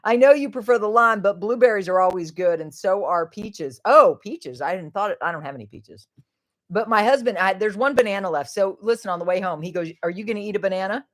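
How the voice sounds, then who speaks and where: A woman's voice: medium pitch, expressive, brisk. Chatty woman hosting a casual livestream. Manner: chatty, rambling, laughs often, trails off mid-sentence. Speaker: livestream host.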